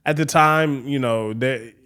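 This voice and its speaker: Man telling a rambling story, mid-pitched. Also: unhurried, fairly bright tone, smooth. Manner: rambling, full of "like" and "you know". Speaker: guest DJ. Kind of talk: casual interview storytelling.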